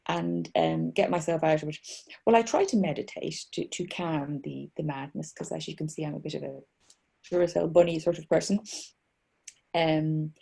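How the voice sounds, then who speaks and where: A woman's voice: fairly low pitch, creaky, dark tone, breathy edge. A middle-aged woman, chatting as an author guest over a video call from home, rambling and self-mocking with many restarts. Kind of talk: casual chat.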